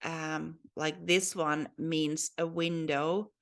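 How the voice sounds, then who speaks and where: Woman, language teacher, patient explanations, slow, lowish voice. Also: little pitch movement, a bit bright. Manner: patient, explanatory, with many fillers and restarts. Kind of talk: language lesson.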